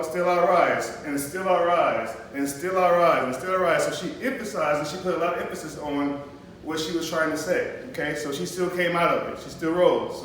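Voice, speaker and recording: Male teacher running a poetry lesson; high voice, patient explaining, frequent "okay?" check-ins, recorded from across a very echoey classroom. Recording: echoey classroom, mic far off, faint noise.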